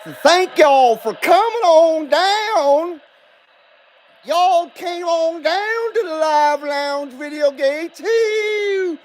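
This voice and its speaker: Man doing a folksy Southern good ol' boy, slow drawl, high voice, hollers. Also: lively intonation, a little hiss or hum, full character voice. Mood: folksy, hammy. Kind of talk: livestream radio banter.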